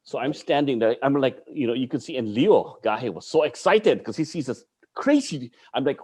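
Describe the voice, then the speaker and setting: A man's voice: medium pitch, animated, normal speed, darkish tone, slightly rough. A man from the Philippines tells a story with a voice that swings widely up and down. He talks bluntly as a martial arts guest and drops curses along the way. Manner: blunt, swears freely, mixes in Tagalog curses. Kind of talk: animated storytelling.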